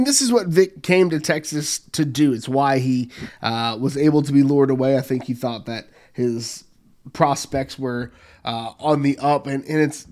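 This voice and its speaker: Steady man giving sports analysis. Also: medium pitch. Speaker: podcast co-host. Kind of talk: casual sports talk.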